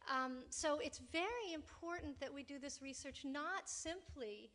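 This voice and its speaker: A woman's voice: high-pitched, measured pace, a bit bright. A woman academic speaking on a panel, lecturing and often adding "right?" to check in with listeners. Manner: lecturing, frequent "right?" tags. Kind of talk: panel talk.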